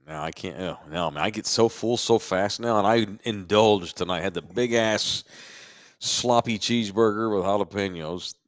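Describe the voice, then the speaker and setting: A man's voice: on the low side, normal speed, dry recording, clean studio sound. A middle-aged man, co-hosting a podcast in laid-back, rambling casual chat. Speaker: podcast co-host.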